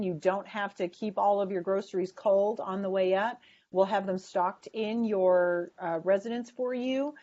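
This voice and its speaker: A woman's voice: mid-range voice, darkish tone. A woman leading a sales training webinar, stressing words in an emphatic coaching tone. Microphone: video call. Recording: dull lo-fi webinar audio.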